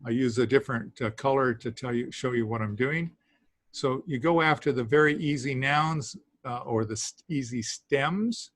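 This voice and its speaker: A man teaching a beginners' language class, talking haltingly with many fillers and small laughs. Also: medium pitch, a bit bright, no echo. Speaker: Greek teacher. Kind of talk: classroom lesson.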